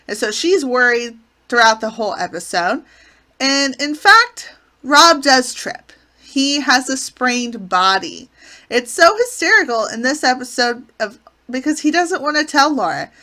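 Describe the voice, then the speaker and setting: A woman's voice: fairly high pitch, pushed and bright. A woman hosting her channel, recapping sitcom episodes in an enthusiastic, gushing way. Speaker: channel host reviewing a classic sitcom.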